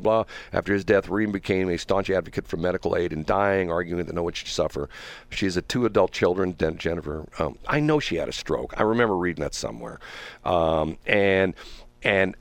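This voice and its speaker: Laughing, chatty middle-aged radio host. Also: male voice, low-pitched, fairly quick, dry recording. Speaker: radio talk show host. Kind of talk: casual radio banter.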